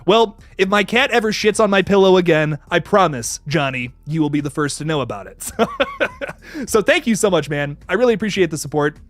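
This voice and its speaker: Excitable young man, high lively voice. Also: brisk, no room sound. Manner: excitable, laughs often, stammers and restarts, swears casually. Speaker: livestream host. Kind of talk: casual live chat reading viewer messages.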